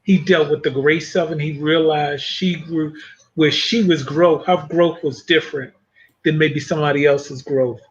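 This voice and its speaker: A man on a Christian panel, sharing reflections on faith in a thoughtful, measured way. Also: on the high side, steady tone. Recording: muffled lo-fi audio.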